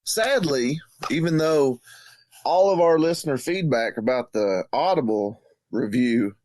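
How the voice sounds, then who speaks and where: A man's voice: mid-range voice, lively intonation, a little slow, darkish tone, no echo. Male co-host, teasing and easygoing, dry close-mic sound. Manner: teasing, laid-back. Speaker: podcast co-host. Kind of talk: casual banter.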